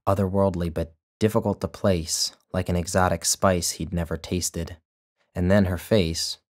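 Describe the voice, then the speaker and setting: A man narrating his own short story in a measured, deliberate storytelling manner. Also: low-pitched. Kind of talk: scripted narration.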